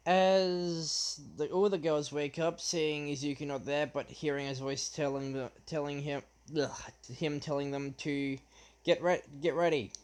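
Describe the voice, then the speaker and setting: Slow, halting young man telling a story. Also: a little high, flat delivery, a little mellow, clean tone. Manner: halting, many fillers and restarts. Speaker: fan story narrator. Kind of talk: unscripted retelling of a fan story.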